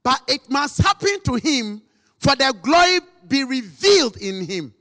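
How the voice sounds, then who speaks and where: Male preacher, slow deliberate delivery, lively pitch, sermon in a long-reverb hall. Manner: dramatic, acts out quotes, rises to shouts.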